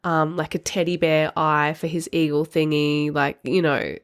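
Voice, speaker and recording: A woman's voice: sits low, flat delivery, moderate pace, smooth. A young adult woman co-hosting a casual book podcast, rambling through stories and giggling often. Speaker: podcast co-host. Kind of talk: casual chat.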